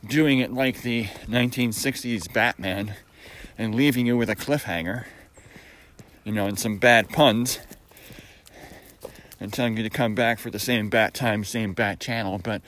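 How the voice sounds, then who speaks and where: Slow, chatty man with wry asides. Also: lowish voice, a bit bright, poor audio. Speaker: podcast host. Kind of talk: casual solo podcast.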